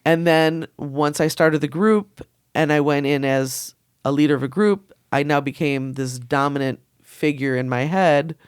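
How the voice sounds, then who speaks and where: A woman speaks frankly as a podcast guest in a casual chat, her voice smooth and resonant. She laughs often and sometimes rattles off her words in quick bursts. The sound is close and dry, with no room echo. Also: deep voice. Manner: candid, laughing, fast bursts.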